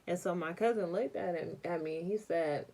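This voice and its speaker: A young adult woman telling a personal story in a casual vlog, animated and full of slang. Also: fairly low pitch, normal speed. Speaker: vlogger.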